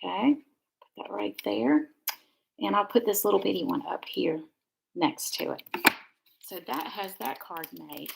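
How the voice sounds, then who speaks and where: A woman's voice: medium pitch, lively intonation, measured pace, creaky, long pauses, slight background noise, poor audio. A middle-aged woman, chatting and rambling casually while she demonstrates card making on a live stream. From Georgia, USA. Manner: chatty, rambling, warm asides.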